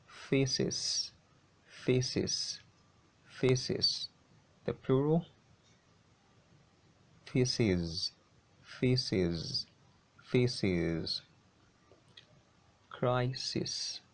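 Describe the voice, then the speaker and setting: A man teaching English pronunciation, saying each word slowly and repeating it several times. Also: mid-range voice. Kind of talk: pronunciation lesson.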